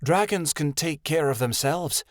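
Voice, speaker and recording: A man's voice: on the high side, lively intonation, unhurried, no room sound, clean studio sound, voice pushed up. A man voicing a troubled young she-wolf who speaks bluntly and defensively. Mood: tense.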